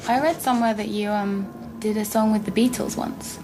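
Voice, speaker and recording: A woman's voice: mid-range voice, steady tone, normal speed, over music. A young woman interviewing in an eager, conversational way.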